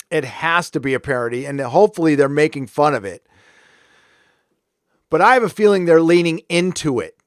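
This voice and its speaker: The voice belongs to a man on the high side who hosts a live stream. He rants in anger with lots of profanity, then eases into casual talk with viewers, all in a dry, clean studio recording.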